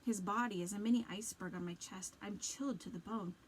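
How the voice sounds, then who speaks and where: A woman teacher giving an expressive read-aloud of a children's novel, with dramatic narration. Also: mid-range voice, fairly quick, slight background noise, rough recording.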